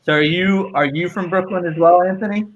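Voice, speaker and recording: A man's voice: high voice, brisk, lo-fi sound. A man hosting a live stream, upbeat, laughing often and reading viewer chat aloud. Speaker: host.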